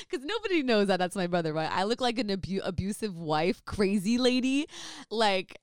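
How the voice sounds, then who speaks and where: A young woman casually telling a family story in a rambling, animated way, full of fillers. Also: medium pitch, moderate pace, smooth, dry recording, studio quality.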